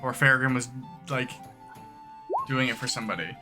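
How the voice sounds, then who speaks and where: A man streaming a tabletop game as a player, asking eager, quick questions with frequent restarts. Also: mid-range voice, over music. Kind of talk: casual stream chat.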